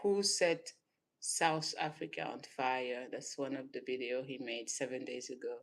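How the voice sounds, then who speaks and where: A woman's voice: extremely low pitch, moderate pace. A woman from Senegal, raised in southern France, giving casual reaction commentary and laughing often between emphatic remarks. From born in Senegal, raised in southern France. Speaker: vlogger reacting to clips.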